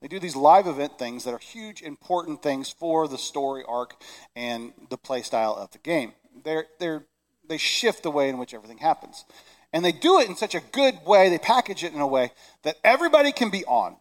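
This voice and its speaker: A middle-aged man preaching a Christmas sermon, animated and shouting excited lines. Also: a little high, a little fast. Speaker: pastor. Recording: long reverb of a large hall.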